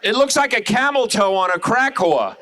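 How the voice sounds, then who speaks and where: A middle-aged man from Long Island, doing loud, brash, crude stand-up and crowd work on a showroom stage. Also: high voice, big pitch swings, normal speed, background noise. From Long Island, New York. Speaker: stand-up comedian. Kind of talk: live stand-up comedy.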